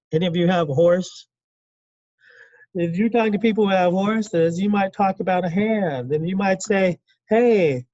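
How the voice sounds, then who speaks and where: A man teaching a classroom lecture in a conversational way, asking the class questions and acting out quick quotes. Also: fairly high pitch, warm tone, no room sound, muffled recording. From California.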